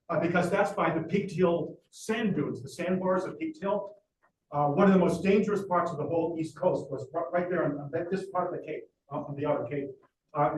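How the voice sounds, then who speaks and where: High-voiced man telling a dramatic history. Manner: dramatic storyteller with frequent "uh" fillers. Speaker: lecturer. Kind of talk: storytelling history lecture. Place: library talk room. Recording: roomy echo, distant mic, faint hiss.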